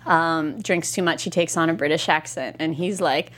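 A woman's voice: deep voice, moderate pace, fairly bright tone. A woman co-hosting a podcast in a studio, chatting casually about a TV show, rambling with lots of fillers and restarts. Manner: rambling, full of fillers and restarts, laughs easily. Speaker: podcast co-host. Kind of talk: casual chat recapping a TV show. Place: recording studio.

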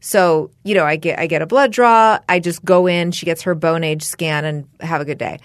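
A woman's voice: deep voice, moderate pace, no echo, clean studio sound. A middle-aged woman co-hosting a podcast, chatting casually and telling her own story. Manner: conversational, agreeing, storytelling. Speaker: podcast co-host. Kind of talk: casual chat.

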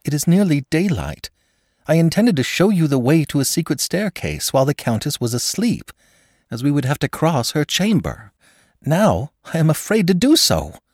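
A man voicing a frightened, tearful young woman in a spoken storybook, pitched high and breathless. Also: sing-song, normal speed, darkish tone, dry recording, clean studio sound.

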